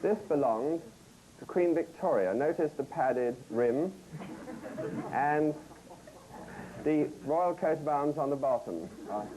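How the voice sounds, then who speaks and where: A man's voice: on the high side, rough recording. A man putting on a deferential male antique dealer with polished sales patter during a joke.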